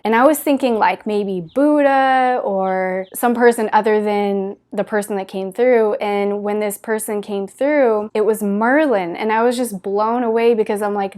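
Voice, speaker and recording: A woman's voice: medium pitch, a little mellow. A woman giving a spiritual talk to her viewers, telling it in an earnest, gushing way with many "like" fillers. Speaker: spiritual teacher.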